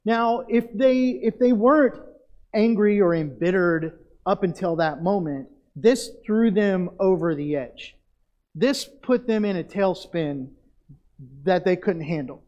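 A pastor preaching a sermon, addressing the congregation directly and drawing out key phrases for emphasis. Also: male voice, high voice, unhurried, a little mellow, muffled recording.

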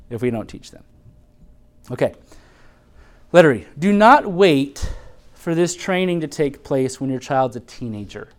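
Guy preaching about raising kids, kinda high voice, earnest and chatty, lots of restarts. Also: a little mellow. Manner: earnest, conversational, repeats and restarts, light laughs; shifts into high mock voices quoting mothers. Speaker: pastor. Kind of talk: sermon on parenting.

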